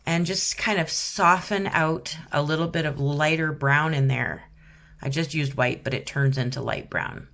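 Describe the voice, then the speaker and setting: Canadian woman, low voice, chatty and giggly, self-deprecating tutorial narration. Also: fairly bright tone. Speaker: rock painting vlogger. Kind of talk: casual painting tutorial voice-over.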